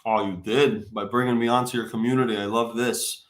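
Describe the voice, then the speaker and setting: A man who coaches real estate agents, giving encouraging advice as a guest in a relaxed, casual chat. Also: medium pitch, brisk.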